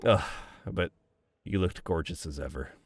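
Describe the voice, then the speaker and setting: A man's voice: low voice, a little slow, no room sound. A young man playing a boyfriend in a romantic voicemail role-play, reminiscing fondly, laughing often and swearing casually.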